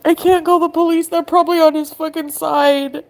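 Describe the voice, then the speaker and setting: Indoors and abroad, a woman livestreams in distress, her very high voice holding a level tone at normal speed. She pleads and accuses in an emotional argument, sometimes tearful.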